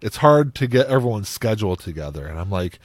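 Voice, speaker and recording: A man's voice: fairly low pitch, very animated, a little fast, no echo, clean studio sound. A man co-hosting a podcast in casual chat, rambling and laughing often. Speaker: podcast co-host.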